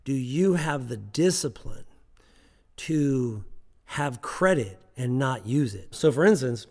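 A man's voice: mid-range voice, long reverb tail. A man giving financial advice on a podcast, emphatic and repetitive, often checking in with "okay?".

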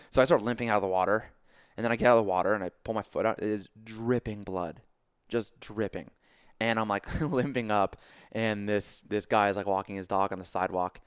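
A young man on a podcast telling a story casually, animated and swearing freely as he acts out his own reactions. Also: fairly low pitch, clean tone, no room sound, studio quality. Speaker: podcast guest.

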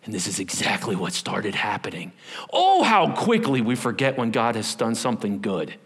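A man preaching a sermon as a pastor, animated and humorous, acting out scenes as he goes. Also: lowish voice, normal speed, creaky, husky.

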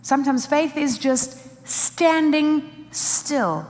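A woman's voice: sits high, slow, darkish tone, in a large hall. A woman preaching a sermon with emphasis, driving points home in short repeated phrases.

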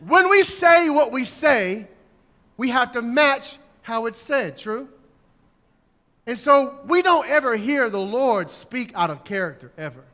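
A man's voice: very high-pitched, lively intonation, measured pace, bright, forceful tone. A man preaching a sermon in an emphatic way, acting out his examples in raised voices. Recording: long hall reverb.

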